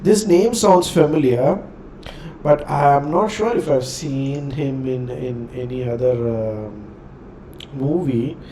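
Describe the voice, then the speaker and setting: A man hosting a reaction video in casual commentary, often pausing to search for words. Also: mid-range voice, mellow, slight background noise.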